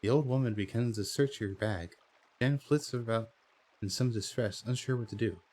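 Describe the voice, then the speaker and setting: A man's voice: fairly low pitch, normal speed, darkish tone. A man playing a text adventure game, reading the story aloud and chatting about his choices. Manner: reads story text, then chats about choices with fillers and laughs. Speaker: game streamer.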